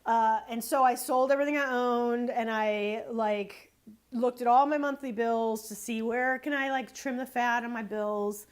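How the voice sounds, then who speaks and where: Brief: woman, higher-pitched, photographer telling a fed-up sales story, emphatic and animated. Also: measured pace, clear, resonant tone. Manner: animated, exasperated, emphatic repetition. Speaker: photographer and small business owner. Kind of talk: casual storytelling sales advice.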